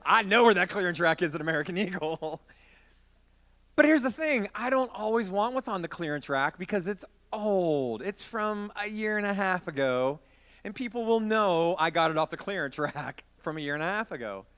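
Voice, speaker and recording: A man's voice: high voice, animated, normal speed, a bit bright. A man preaching as a youth pastor in an interactive youth group sermon, playful and joking with volunteers.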